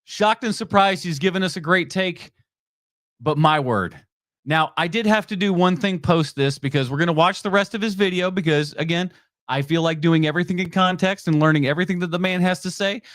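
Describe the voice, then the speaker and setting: A man's voice: high-pitched, fairly quick, a bit bright, dry recording, clean studio sound. A man hosting a movie podcast, reacting bluntly and sarcastically to clips and laughing often. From United States. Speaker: podcast host. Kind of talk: reacting to videos on a live stream.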